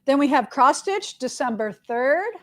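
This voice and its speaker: A woman's voice: high-pitched, expressive, a little slow. A middle-aged woman, hosting a casual live stream for her quilt shop and running through announcements in a chatty, upbeat way. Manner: chatty and upbeat, lots of "all right" and "right?".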